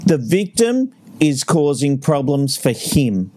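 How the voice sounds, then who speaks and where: Male podcast co-host, explanatory, slightly high pitch. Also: very animated, slow, a little mellow, a little hiss or hum. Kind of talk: casual narration and analysis.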